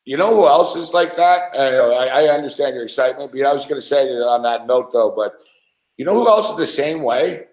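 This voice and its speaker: A man's voice: medium pitch, brisk, echoey room. A man hosting a casual sports talk show, telling stories and acting out quotes with laughs and swearing. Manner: animated storyteller, acts out quotes with swearing and laughs. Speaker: podcast host.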